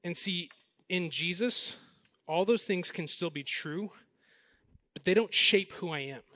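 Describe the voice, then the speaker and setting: A man in his forties preaching a sermon as pastor, with animated storytelling that slows and softens for the message. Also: high-pitched.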